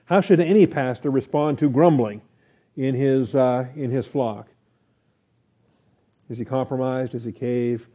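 Folksy male preacher with a dark, muffled voice. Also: medium pitch, unhurried, long pauses. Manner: relaxed and folksy, with chuckles and many fillers. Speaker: pastor. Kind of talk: conversational Bible teaching.

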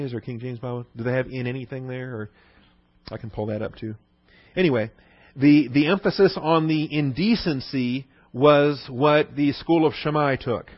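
A man's voice: medium pitch, no echo, muffled recording. A man teaching a Bible lesson in a conversational sermon style, often asking the listeners "okay?". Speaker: pastor.

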